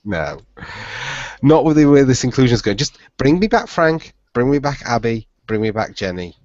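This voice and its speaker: A man's voice: medium pitch, very animated, moderate pace, a little mellow, dry recording. Sarcastic, emphatic man podcast co-host. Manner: sarcastic, emphatic, laughs often. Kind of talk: casual chat. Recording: muffled dry podcast audio.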